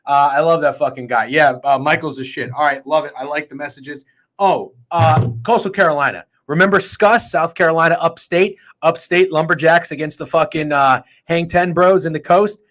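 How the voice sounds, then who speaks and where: A man hosting a sports betting show, talking in an excitable, profane, rambling way. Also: fairly high pitch, moderate pace. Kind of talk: casual sports betting chat.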